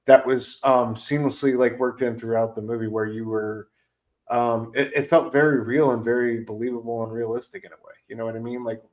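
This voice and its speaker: A man talking casually about a movie he loved, stringing his thoughts together with lots of "like" and "you know." His voice sits at an ordinary middle pitch for a man, and his enthusiasm spills out in loose, rambling sentences. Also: little pitch movement, fairly quick, poor audio. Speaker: podcast co-host. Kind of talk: casual film discussion.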